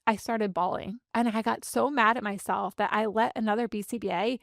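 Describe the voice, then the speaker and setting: A woman in her thirties gives a candid, heartfelt podcast monologue. Her voice sits a little high and carries a gravelly fry. The sound is dry and close, with no room in it. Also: steady tone, dry recording. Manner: earnest, heartfelt, speeds up and slows down for emphasis. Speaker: podcast host and business coach.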